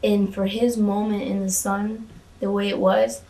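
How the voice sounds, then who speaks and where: A woman's voice: medium pitch, flat delivery, a little slow, dark tone, far from the mic. A woman guest in a casual interview, chatty and candid, often restarting her sentences and swearing freely. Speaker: former wrestling valet, interview guest.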